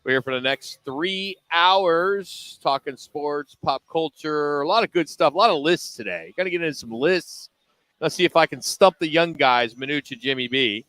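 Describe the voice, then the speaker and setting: A man hosting live sports radio, talking in an upbeat, chatty way with lots of fillers. His voice sits a bit high, and the sound is close and dry. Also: moderate pace, a bit bright, dry recording, rough recording. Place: broadcast from a restaurant.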